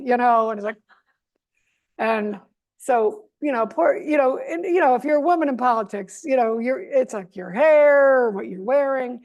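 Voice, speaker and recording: A woman from the United States answering as an interview guest, talking in an animated, sarcastic way with lots of asides. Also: a little high, moderate pace.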